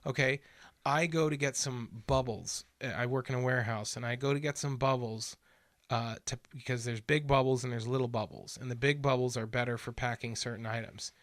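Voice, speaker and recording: A man talks through a casual podcast conversation with earnest, insistent energy, slipping into little voices to act out the people in his stories. His voice sits at a middle pitch and the recording is close and dry, with no room sound. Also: fairly quick, dry recording. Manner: animated storyteller who acts out quotes.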